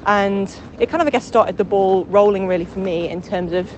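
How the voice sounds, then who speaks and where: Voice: medium pitch, fairly quick, muffled recording, slight background noise. Earnest caller on a phone message. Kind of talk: voicemail message.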